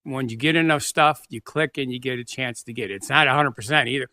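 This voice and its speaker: A man co-hosting a casual podcast chat, explaining things patiently but haltingly, with frequent restarts. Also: medium pitch, bright, forceful tone, no echo. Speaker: podcast co-host.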